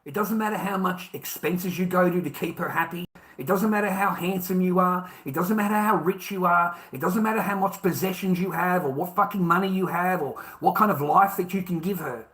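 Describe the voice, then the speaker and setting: Casual Australian bloke with a slightly high voice, telling a story in a crude, emphatic rant. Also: male voice, a little fast, fairly bright tone. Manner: profane, emphatic, repeats for emphasis.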